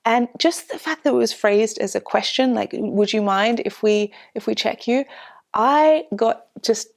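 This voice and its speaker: A woman vlogger telling a personal story in an emotional, halting way, with many restarts. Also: on the high side, creaky.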